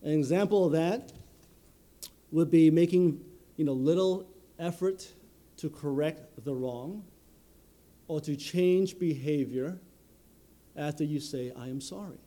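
A man preaching a sermon in an earnest, measured way, often filling pauses with "you know". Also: on the high side, mellow.

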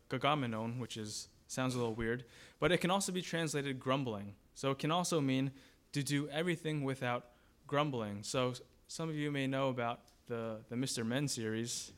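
A man's voice: medium pitch, moderate pace. A man preaching a sermon as pastor, in a conversational way, asking the congregation questions and briefly acting out grumbling voices.

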